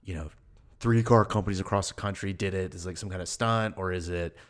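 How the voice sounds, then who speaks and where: A man co-hosts a podcast in easygoing chat. His voice sits on the low side, and he rambles, hedging and stacking up filler words as he thinks aloud. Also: steady tone, fast. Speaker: podcast co-host. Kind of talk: casual chat.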